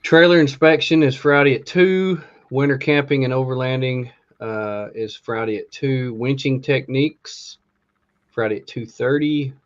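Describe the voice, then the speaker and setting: A man's voice: mid-range voice, unhurried. A man co-hosting a podcast, casually reading through a list of classes with many ums and uhs. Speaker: podcast co-host. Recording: dull lo-fi sound.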